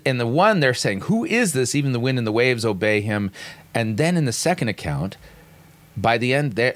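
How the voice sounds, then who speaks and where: A man's voice: mid-range voice, a bit bright, no room sound. A man critiquing a sermon clip, reading scripture aloud and explaining Greek words with frequent restarts.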